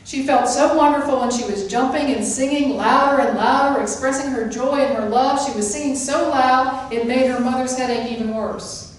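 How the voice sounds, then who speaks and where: A woman's voice: high-pitched, normal speed, few pauses. Woman teaching in an echoey hall. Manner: emphatic, repeats key phrases. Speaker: spiritual teacher. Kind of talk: sermon-style teaching. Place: hall of a spiritual center. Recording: echoey room, mic at a distance.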